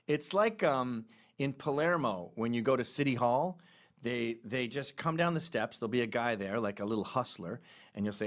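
A man hosting a podcast, telling stories in a casual comedic monologue with quick asides. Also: mid-range voice. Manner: animated storytelling with quick asides and laughs. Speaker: podcast host.

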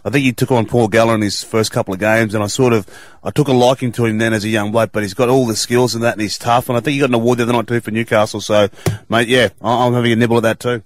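Fast-talking blunt man. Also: medium pitch, fairly even intonation, no echo. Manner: blunt, emphatic, says mate a lot. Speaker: panelist. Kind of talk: sports panel chat.

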